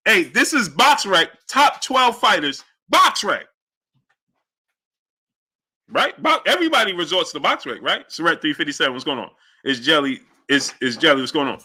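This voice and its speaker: Male livestream boxing host, high lively voice with a very bright edge, hypes the chat. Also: slightly rough. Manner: animated, hypes the audience, shouts out chat names. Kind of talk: livestream commentary reading chat.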